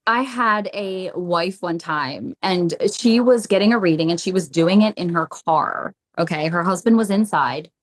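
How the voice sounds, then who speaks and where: A woman who is a psychic medium tells stories in a podcast interview, animatedly repeating phrases as she acts out what people said. Her voice is lowish, her pace measured, and she hardly pauses.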